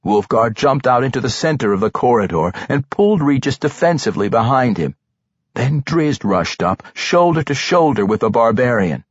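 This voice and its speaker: A man narrating a fantasy audiobook with a husky voice and expressive, animated delivery. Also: medium pitch, moderate pace, no echo. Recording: slightly dull, dry recording.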